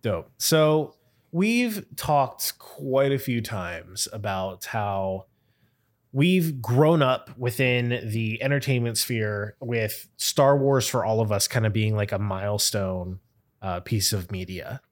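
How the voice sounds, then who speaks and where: A man's voice: on the low side, expressive, takes it slowly. Giggly rambling male storyteller. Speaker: podcast co-host. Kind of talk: casual podcast chat.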